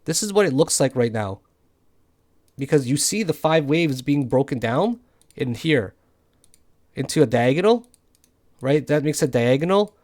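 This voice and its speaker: A man with a somewhat high voice talks through his trades live, worn out after a night with no sleep. He thinks out loud, gets frustrated and swears often. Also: lively intonation, moderate pace, pauses often. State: tired from no sleep. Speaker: crypto day trader. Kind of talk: live trading commentary over charts.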